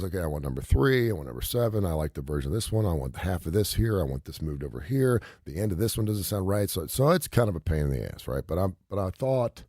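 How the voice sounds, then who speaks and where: A man's voice: deep voice, a little mellow, no echo, studio quality. A middle-aged man hosting a radio talk show, telling a story in an emphatic, rambling, repetitive way.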